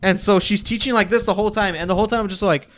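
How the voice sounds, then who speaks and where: A man's voice: sits high, fairly even intonation, rapid-fire, a little hiss or hum. A young man co-hosting a casual podcast who reads out the chat and laughs often. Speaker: podcast co-host reading the chat.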